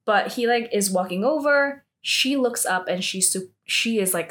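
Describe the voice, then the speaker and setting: A woman casually recapping a TV drama episode, chatty and animated, with lots of fillers and acted-out quotes. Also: mid-range voice, moderate pace, few pauses.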